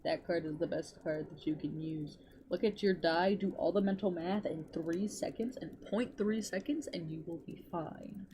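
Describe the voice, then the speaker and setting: A woman's voice: on the low side, moderate pace, dark tone, a little hiss or hum, close to an everyday voice. A woman voicing a bossy young man who rattles off insistent instructions to a friend.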